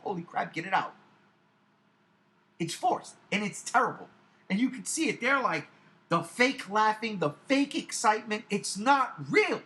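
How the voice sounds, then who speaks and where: Animated, profane man ranting to camera. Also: high-pitched, normal speed. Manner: animated, profane, emphatic, repeats himself for effect. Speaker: YouTube channel host. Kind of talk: casual ranting commentary to camera.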